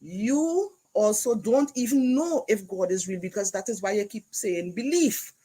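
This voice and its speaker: A woman's voice: medium pitch, expressive, a little slow, dark tone, slightly rough, low-quality recording. A woman from Trinidad and Tobago with a Trinidadian accent, arguing insistently in a live-stream debate and repeating words to hold the floor.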